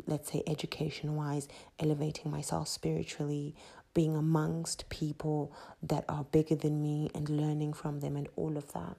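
A woman hosting a solo podcast, talking earnestly and dropping into whispers for emphasis, with a husky voice. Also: low-pitched, monotone, normal speed, warm tone. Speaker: podcast host. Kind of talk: reflective solo podcast talk.

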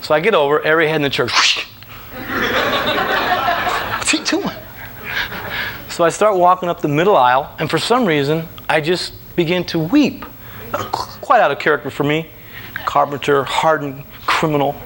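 A man giving a personal testimony in a church room, telling his story with animated storytelling and acting out his own past lines. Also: fairly high pitch, brisk, slight background noise.

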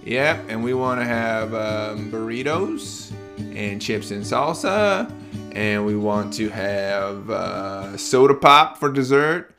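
A man voicing two excited young brothers together in a children's story, in high, cheering kid voices. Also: slow, music in the background.

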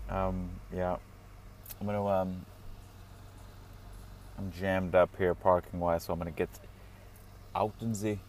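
A man with a very low, deep voice rambles through a casual monologue from the seat of his parked car. He stretches his words and leans on fillers, breaking into small chuckles now and then, while faint traffic and car noise hums in the background. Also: flat delivery, slow pace, long pauses, a little mellow. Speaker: vlogger.

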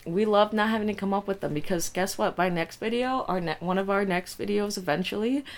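A woman's voice: medium pitch, brisk. A young woman co-hosting a podcast, chatting loosely, joking and swearing casually. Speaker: podcast co-host. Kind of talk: casual chat.

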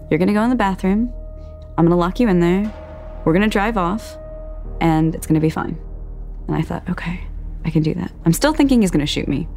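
A woman giving documentary testimony, recounting events earnestly and in a measured way, often acting out quoted speech. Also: low voice, dark tone. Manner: earnest, measured retelling that voices others' quoted words. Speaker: interviewee telling her own story.

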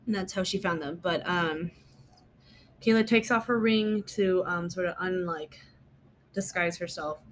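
A woman's voice: lowish voice, fairly bright tone, slight background noise. A woman casually recapping a TV episode in a chatty, rambling way, full of fillers and emphatic asides. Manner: emphatic, mock-exasperated asides.

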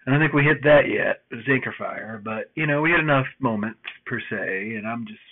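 A man rambles through a personal story, cursing freely and circling back with fillers and false starts. His voice sits at an ordinary middle pitch. The sound is narrow and tinny, like a phone line. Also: normal speed. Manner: rambling, profane, lots of fillers and restarts. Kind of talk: casual storytelling monologue.

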